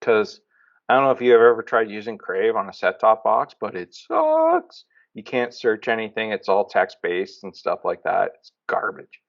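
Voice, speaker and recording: A man co-hosting a podcast, chatting casually and telling rambling, excitable stories. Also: lowish voice, normal speed, creaky. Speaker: podcast co-host. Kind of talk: casual chat. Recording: dull lo-fi sound.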